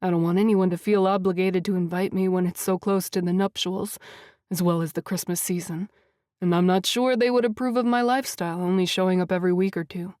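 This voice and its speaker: A woman voicing a confident wealthy man with a deep voice, smooth and assured in an audiobook. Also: fairly even intonation, a little fast, darkish tone, dry recording, studio quality, lightly acted. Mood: assured, flirty.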